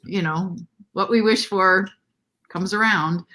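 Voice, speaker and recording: A middle-aged woman speaks as a guest, chatting casually. She tells her story with animation, leaning into quoted lines with a lifted voice. Her pitch sits in an ordinary middle range. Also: takes it slowly, pushed and bright.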